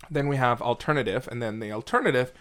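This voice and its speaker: A man's voice: mid-range voice, fast, a bit bright. A man, a drag performer, chatting casually and playfully on a podcast, wandering off topic.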